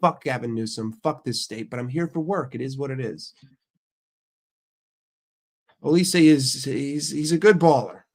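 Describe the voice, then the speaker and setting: A young American man hosts his own channel and streams, delivering a casual, profane rant in a brash style. His voice sits at medium pitch, moving at a moderate pace with barely any pauses.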